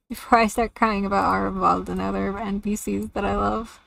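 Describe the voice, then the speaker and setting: A young woman streams a game and talks along casually, joking at her own expense. Her voice sits at an average middle pitch for a woman, and the talk comes across as chatty and loose. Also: flat delivery, moderate pace, vocal fry, fairly bright tone. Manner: chatty, self-deprecating, laughs often. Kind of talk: casual livestream chat while gaming.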